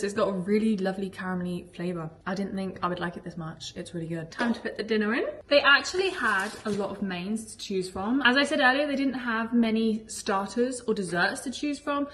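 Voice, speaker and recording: A woman's voice: fairly high pitch, fairly bright tone, reverberant, a little hiss or hum. A woman vlogging casually while she cooks at home, chatty and full of "like", laughing often. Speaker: food vlogger. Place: home kitchen.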